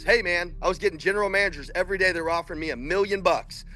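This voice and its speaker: A man coaching salespeople in an intense, preachy motivational speech that builds to shouting. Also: high voice, very fast, few pauses, soft background music.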